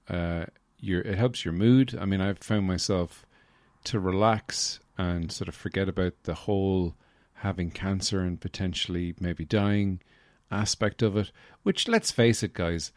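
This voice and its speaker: A man hosting a casual solo podcast, rambling with deadpan humor and lots of fillers into a close mic. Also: sits low, no echo. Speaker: podcast host.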